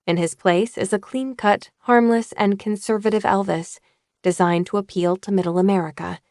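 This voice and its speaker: Woman, audiobook narrator, measured even reading, gravelly fry, dry close sound. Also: medium pitch, no echo.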